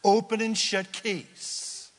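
A man's voice: high voice, little pitch movement, slow pace, big-room sound, voice pushed up. A man doing an angry old father-in-law. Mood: indignant. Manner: accusing, indignant.

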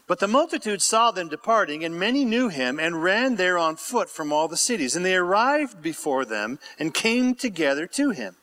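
A man's voice: high voice, sing-song, moderate pace, few pauses, bright, forceful tone. A man preaching a sermon and reading scripture aloud with asides, prompting the congregation to call out answers. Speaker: pastor.

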